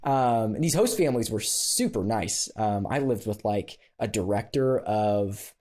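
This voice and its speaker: Mellow-voiced man telling a lively story. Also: on the low side, a little slow. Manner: animated storyteller, laughs often, many fillers. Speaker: podcast guest. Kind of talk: casual storytelling chat.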